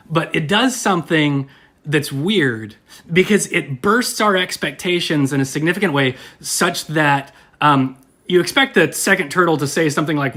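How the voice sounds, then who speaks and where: Young male pastor, lilt, bright chatty delivery, playful and self-deprecating livestream sermon. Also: a little high. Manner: rambling, playful, self-deprecating with frequent fillers.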